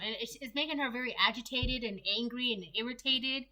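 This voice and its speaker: Bright-voiced chatty tarot reader woman. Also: fairly high pitch, brisk. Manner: rambling, chatty, filler-heavy. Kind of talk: casual solo tarot reading.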